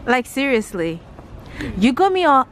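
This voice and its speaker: A woman's voice: sits high, very animated, measured pace, a bit bright, poor audio. A woman vlogging casually outdoors, scolding and exasperated in a dramatic way. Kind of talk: casual vlog chat.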